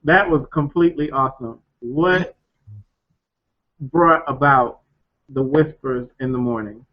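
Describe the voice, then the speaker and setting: A man's voice: medium pitch, a little slow, dull audio. A man hosting an internet radio interview, prompting his guest in an upbeat, casual way. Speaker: radio show host.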